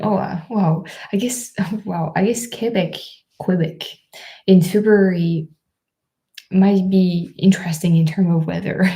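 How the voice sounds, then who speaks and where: A young woman with a French accent, hosting a casual live stream, chatting with many fillers and quick laughs. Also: medium pitch, warm tone. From France. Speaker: live stream host reading chat.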